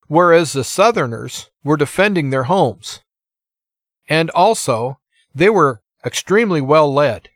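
Indignant American male host, emphatic monologue, slightly high voice, dry close recording. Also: no room sound. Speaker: channel host. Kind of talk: political commentary monologue.

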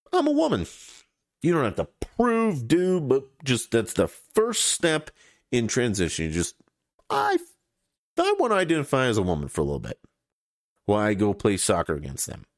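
A man's voice: medium pitch, wildly swooping pitch, normal speed, no room sound, studio quality. Blunt, profane man ranting on a podcast. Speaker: podcast host. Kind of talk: opinionated solo podcast rant.

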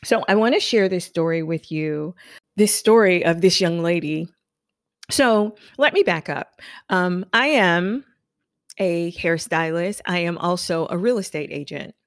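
A woman podcast host delivers a motivational talk in an unhurried, fairly low voice. She leans hard on repeated affirmations and personal stories. The sound is close and dry. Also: dry recording. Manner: emphatic, repeats affirmations, storytelling. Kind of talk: motivational monologue.

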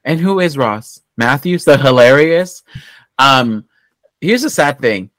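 A man's voice: medium pitch, expressive, slow pace, a bit bright, no room sound. A man co-hosting a podcast in casual chat, blunt and swearing freely as he rants. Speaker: podcast co-host.

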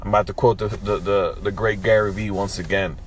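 A man's voice: lowish voice, fairly even intonation, a little fast, a little hiss or hum. A man hosting his own podcast, with a froggy morning voice, giving a joking, profane morning pep talk. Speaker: podcast host.

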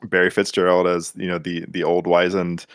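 A man's voice: sits low, completely flat delivery, normal speed, smooth, no room sound, studio quality. A man guest on a film podcast, talking in a rambling way with many fillers and acting out characters' lines. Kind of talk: casual movie discussion.

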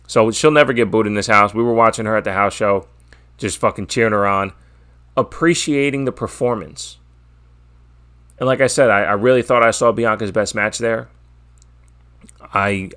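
A man's voice: lowish voice, moderate pace, a bit bright. A man hosting his own wrestling podcast, talking casually and with strong opinions, swearing often and rambling with restarts. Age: adult, father. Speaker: podcast host. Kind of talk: casual solo wrestling preview.

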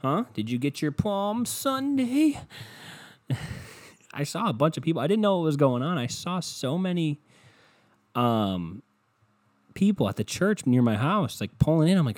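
Profane ranting man with a lively voice. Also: on the high side, a little slow, long pauses, no room sound. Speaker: podcast host. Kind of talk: solo rant podcast. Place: hot indoor room.

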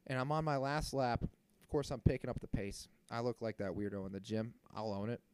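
A man in his thirties hosting a podcast, telling a story in a casual, animated and indignant way and swearing freely. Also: medium pitch, a little fast, clear, resonant tone. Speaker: podcast host.

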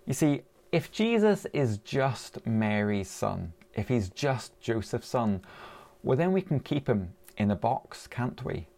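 A man with a medium-pitched, slightly mellow voice preaches a sermon conversationally. He poses rhetorical questions to his listeners.

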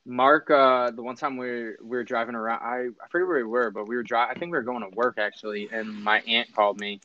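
A man's voice: medium pitch, fairly even intonation, quick pace, sharp tone, no echo. Laid-back guy, dry muffled audio. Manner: storytelling, laughs mid-sentence. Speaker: podcast co-host. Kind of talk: casual chat.

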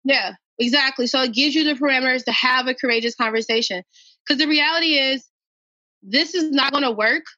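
A woman's voice: sits high, a little fast, bright, forceful tone, dry recording. A woman from Minnesota, a guest on a podcast, telling a personal story in an earnest way and repeating phrases for emphasis. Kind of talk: emotional personal account. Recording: dull, dry podcast audio.

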